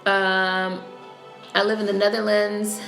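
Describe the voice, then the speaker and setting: A woman's voice: mid-range voice, flat delivery, slow, vocal fry, fairly bright tone, soft background music. A woman with a New York accent hosting a casual livestream, chatting bluntly with lots of swearing. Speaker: livestream host. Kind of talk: casual live-stream chat. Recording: echoey room.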